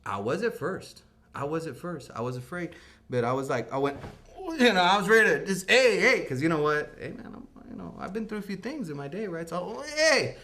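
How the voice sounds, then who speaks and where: A man's voice: a little high, expressive, a little fast, bright, forceful tone. A man playing a laid-back night-shift janitor, telling his story in a rambling, slangy comic interview. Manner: rambling slangy talk, lots of "like" and "right?". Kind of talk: comic mock-news interview.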